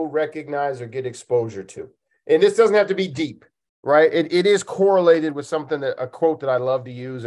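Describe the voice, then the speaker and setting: A man with a somewhat high voice hosts a casual podcast. He tells stories with lots of laughter and acts out the other people's lines in a lively way. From Oregon, United States. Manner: animated, laughing, acts out dialogue. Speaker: podcast host. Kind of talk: casual comedic storytelling.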